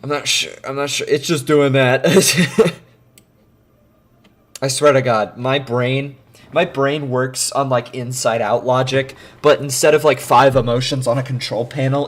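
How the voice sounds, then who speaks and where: A man streaming himself editing a video, talking to himself in rambling casual chat that breaks into sudden loud outbursts. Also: medium pitch, fairly even intonation, moderate pace.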